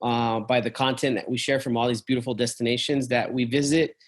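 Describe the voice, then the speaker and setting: Speaking briskly with little pitch movement, this man discusses his travel business in an easy, offhand conversation. His medium voice is full of restarts and fillers like "um" and "you know," and he says "man" and "dude" a lot.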